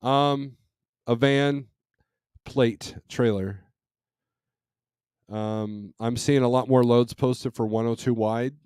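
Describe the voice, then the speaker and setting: A man's voice: mid-range voice, fairly even intonation, slow pace, pauses often, a little mellow, smooth, dry recording, clean studio sound. A middle-aged man hosting a trucking live stream, reading and answering chat in a casual, rambling way with many restarts and fillers.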